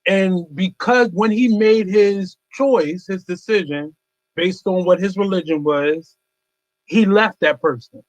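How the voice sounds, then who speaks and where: A man's voice: sits high, slow pace, low-quality recording. A man co-hosting a radio talk show, chatting casually and giving background. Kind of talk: casual chat.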